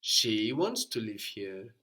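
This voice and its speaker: A man's voice: on the low side, very animated, slow pace, bright, forceful tone. A man teaching a spoken language lesson, patiently guiding a student step by step and praising each answer. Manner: patient, encouraging, explains step by step.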